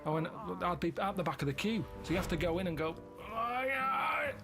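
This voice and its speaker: A man rambles through his stories in a flat, deadpan way. His voice sits a little high for a man, and music plays clearly behind the chat. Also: rapid-fire. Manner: deadpan, meandering storytelling. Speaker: regular on a comedy podcast. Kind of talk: casual chat, rambling anecdotes.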